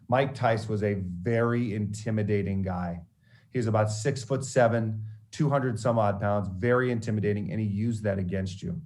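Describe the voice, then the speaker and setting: A man in his forties, a TV sports reporter, telling career stories to students in an animated, anecdotal way with frequent restarts. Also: on the low side. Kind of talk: storytelling motivational talk.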